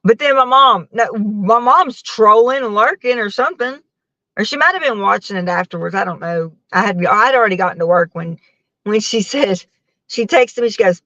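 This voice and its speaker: A worn-out woman chats loosely with her live-stream viewers, laughing between rambling stories. Her voice has a plain middle pitch, recorded dull and dry through a phone mic. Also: animated, normal speed, bright, forceful tone, no room sound. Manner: rambling, laughing often, talking to her chat. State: tired after a long work shift. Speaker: livestreamer chatting with viewers. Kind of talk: casual live-stream chat.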